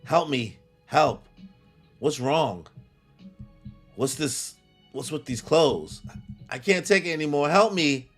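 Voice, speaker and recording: A frightened young woman begs to be let go, as a man reads her lines aloud. The voice is unhurried and rises when she pleads. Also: fairly high pitch, animated, husky, soft background music, pitched above the performer's own voice, heavily acted. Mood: pleading.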